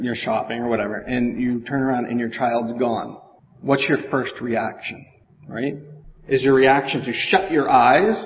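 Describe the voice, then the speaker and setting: Man preaching in an echoey hall. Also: medium pitch. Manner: conversational, asks the listeners questions; reads scripture in older English. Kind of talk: sermon. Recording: echoey hall over a phone-like line.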